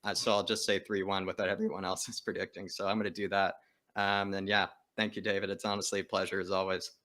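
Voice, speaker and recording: A man's voice: sits low, level tone, fast, pushed and bright. A man calling in as a guest on a fan show, talking in an emphatic, passionate way. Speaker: guest caller. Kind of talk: casual chat.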